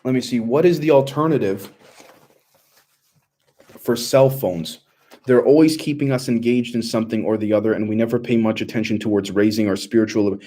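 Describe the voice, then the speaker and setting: Young male livestream host, mellow tone, loose and rambling, lots of ums while reading chat. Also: mid-range voice, moderate pace. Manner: loose and rambling, many fillers and restarts.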